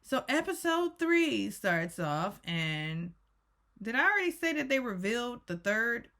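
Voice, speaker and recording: A woman's voice: fairly high pitch, very animated, a little slow, sharp tone. A woman YouTuber giving a casual, rambling recap rant and often correcting herself. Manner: rambling, self-correcting, chatty. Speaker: YouTube reviewer.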